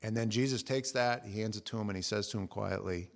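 Animated man preaching a sermon. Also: fast talker, vocal fry, few pauses. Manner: animated storytelling, acting out quotes with jumps in pitch and volume. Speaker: pastor.

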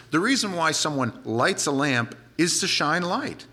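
A male preacher retells a scripture story in a loose, chatty way, full of asides. His voice is bright and forceful, and his pitch swings widely as he tells the story. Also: a little slow, few pauses. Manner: animated, conversational retelling with casual asides. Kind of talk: sermon storytelling.

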